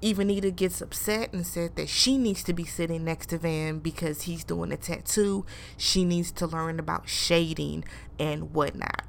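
A woman recapping a reality show in casual commentary, animated and incredulous, acting out what people said and asking rhetorical questions. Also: fairly low pitch, normal speed, vocal fry, a little hiss or hum. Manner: acts out quoted people.

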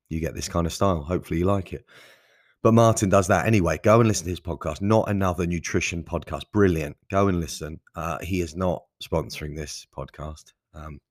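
Male podcast host, deep voice, rambling and self-mocking, dry close-mic sound. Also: no room sound. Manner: rambling, self-deprecating, sprinkled with mild swearing. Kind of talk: casual solo podcast monologue.

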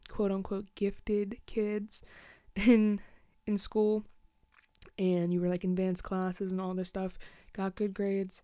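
A woman's voice: mid-range voice, level tone, slow, dark tone, smooth, no echo, clean studio sound. A woman in her twenties hosting her own podcast, rambling in a casual chatty way with many fillers and frequent small laughs. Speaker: podcast host. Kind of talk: casual solo podcast chat.

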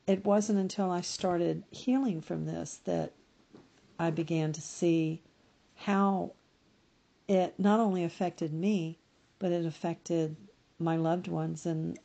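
Slow, gravelly-voiced middle-aged woman. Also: on the low side, warm tone. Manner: slow, reflective, self-correcting. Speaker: podcast guest. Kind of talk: personal testimony in an interview.

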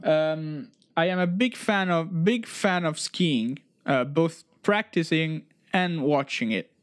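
A man co-hosting a podcast in casual banter, playful and excitable, often repeating his words. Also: fairly high pitch, slow pace, dry recording, clean studio sound. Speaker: podcast co-host.

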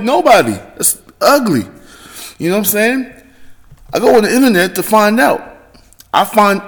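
A man hosting his own podcast, talking in a rambling, profane monologue that swings between loud excitement and low mutters. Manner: rambling, heavy swearing, self-correcting. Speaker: podcast host. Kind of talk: casual solo monologue.

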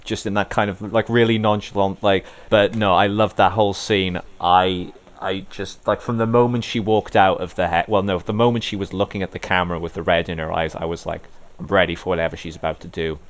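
A man's voice: sits low, fairly even intonation, fairly quick, hardly any pauses. A man co-hosting a casual podcast, rambling enthusiastically with lots of "like"s. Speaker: podcast co-host. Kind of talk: casual chat.

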